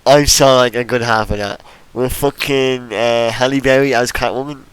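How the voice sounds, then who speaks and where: A man's voice: medium pitch, steady tone, moderate pace, clear, resonant tone, no room sound, rough recording. A man co-hosting a podcast, chatting playfully and teasing, with lots of fillers. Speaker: podcast co-host. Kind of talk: casual chat.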